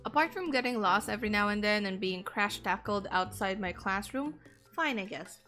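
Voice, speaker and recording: A woman's voice: medium pitch, lively intonation, normal speed, bright, forceful tone, soft background music. A woman voicing a reserved young male student who narrates a visual novel plainly and reflectively.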